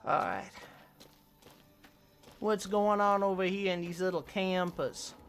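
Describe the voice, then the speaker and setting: A woman's voice: fairly low pitch, takes it slowly, soft background music. Crude, joking woman streamer. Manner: crude, joking, sighs often. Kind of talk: casual gaming commentary.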